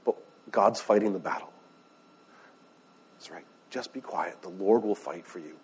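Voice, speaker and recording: Over slight background noise, a pastor with a low, slightly mellow voice preaches at a normal speed. His sermon is conversational, full of questions to the room and scripture told in everyday words.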